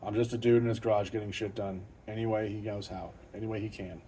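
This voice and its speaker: A man's voice: lowish voice, flat delivery, quick pace, warm tone, a little hiss or hum. A middle-aged man hosting an off-the-cuff garage vlog, swearing freely and talking in a blunt, self-deprecating, matter-of-fact way. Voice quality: profane, blunt and plain-spoken. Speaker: car channel host. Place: home garage.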